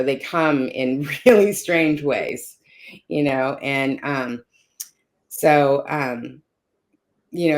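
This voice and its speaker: A woman's voice: deep voice, a little mellow. A woman telling a personal caregiving story in conversation, checking in often with "you know" and "right?". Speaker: caregiver sharing her story.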